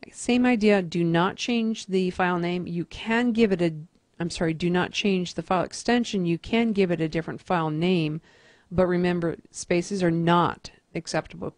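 A woman teacher calmly talking through a computer task step by step in a screen-recorded tutorial. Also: lowish voice, no room sound. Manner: methodical, step-by-step instruction.

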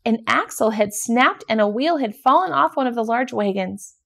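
A woman reading a children's picture book aloud in a steady, gentle storytelling manner. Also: a little high, normal speed, gravelly. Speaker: storybook reader.

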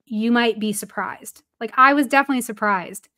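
A woman telling a story in a relaxed podcast chat, her voice sitting a little higher than most. She talks in a loose, chatty way, full of "like" fillers and with laughter breaking in as she reports to the host. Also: fairly quick. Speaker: baseball reporter, guest. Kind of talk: casual storytelling in a podcast interview.

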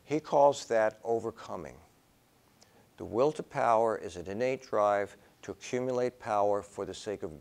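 An older philosophy professor gives a conversational classroom lecture that drifts into personal stories and acted-out exchanges in quoted voices. His voice is lowish, creaky and a bit mellow.

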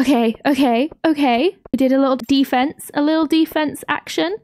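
An excitable young woman talks through her game as a let's play host, with frequent gasps and exclamations. Her voice sits high. The sound is dry, with no room around it. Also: brisk, dry recording. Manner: excitable, gasping and exclaiming often. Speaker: gaming channel host.

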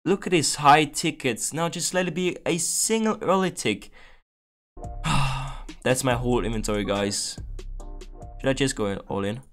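A man's voice: medium pitch, unhurried, fairly bright tone, faint music behind. A young man streaming online gambling, talking casually to viewers, often pleading and swearing in exasperation.

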